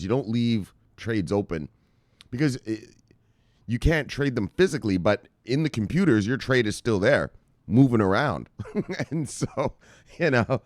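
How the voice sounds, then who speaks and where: A man hosting a casual crypto market news show, excitable and profane, laughing as he talks. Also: fairly low pitch, no room sound, studio quality.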